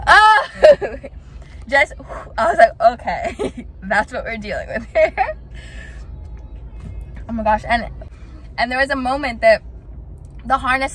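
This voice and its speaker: A woman in her twenties, hoarse from screaming, chatting excitedly in a casual vlog and laughing between thoughts. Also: high-pitched, a little hiss or hum. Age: 20s. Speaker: vlogger.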